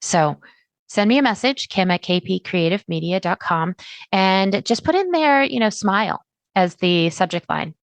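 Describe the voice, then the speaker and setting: A middle-aged woman hosting a solo podcast, chatty and animated, acting out her listeners' words. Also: mid-range voice, moderate pace, no room sound. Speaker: podcast host.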